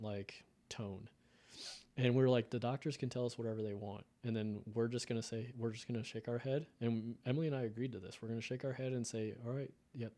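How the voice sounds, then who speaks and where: A man in his thirties from the United States, with a mellow mid-range voice, appears as a guest on a casual podcast. He tells an emotional personal story during the conversation.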